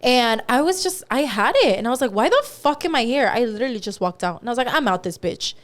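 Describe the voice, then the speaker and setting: A young woman co-hosting a podcast, telling a profane, animated story with acted-out quotes in casual chat. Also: on the high side, fast. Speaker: podcast co-host.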